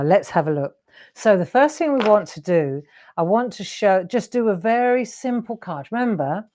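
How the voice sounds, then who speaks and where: A woman's voice: on the low side, mellow. Chatty woman hosting a craft demo. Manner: chatty, encouraging, asks viewers questions. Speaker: craft show host. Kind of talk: live craft demonstration.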